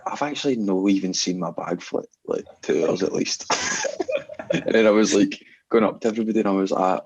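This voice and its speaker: A young man with an Ayrshire Scottish accent telling laughing, animated stories in casual podcast chat. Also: low voice, a little fast, gravelly, lo-fi sound, slight background noise. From Scotland. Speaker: podcast guest, DJ.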